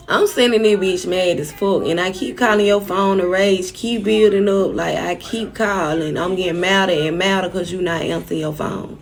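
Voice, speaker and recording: A woman telling a personal story in a casual vlog, blunt, profane and indignant, with sudden shouts. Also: medium pitch, normal speed.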